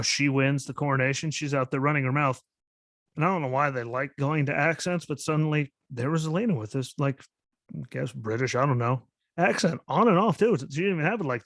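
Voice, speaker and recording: A man hosts his own podcast and rants into a close, dry mic. He sounds skeptical and exasperated, sprinkling "like" and "literally" through his talk, and his voice sits at an ordinary middle pitch for a man. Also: no room sound. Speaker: podcast host. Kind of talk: solo wrestling commentary podcast.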